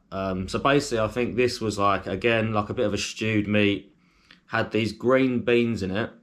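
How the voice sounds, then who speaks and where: A man chatting casually to camera as a food vlogger, rambling a little and filling pauses with lots of ums. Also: fairly low pitch.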